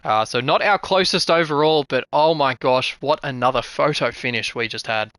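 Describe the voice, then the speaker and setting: A man hosts and calls a live sim racing broadcast. His voice is bright and forceful. The sound is dead dry, right on the mic. He gets excitable and calls with rising urgency. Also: mid-range voice, moderate pace, no room sound. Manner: excitable, builds to shouting at the finish. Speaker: race commentator and host.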